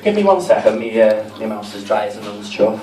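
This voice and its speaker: A man's voice: lowish voice, sing-song, fairly quick. A man with a Liverpool accent doing a camp, chatty, self-mocking stand-up set in a comedy club. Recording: roomy, distant, with crowd noise.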